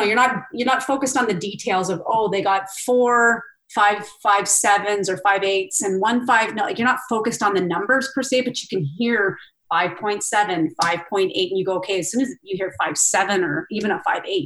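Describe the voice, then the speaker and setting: A woman's voice: mid-range voice, reverberant, low-quality recording. A middle-aged woman guest telling a personal story in an interview, acting out what she and others said. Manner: animated, quotes herself and others in lively asides.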